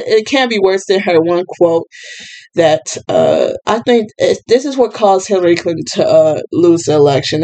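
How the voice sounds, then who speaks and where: A woman's voice: on the low side, a little mellow, low-quality recording. A woman giving casual political commentary in an exasperated, sarcastic tone, with lots of fillers. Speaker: commentary vlogger.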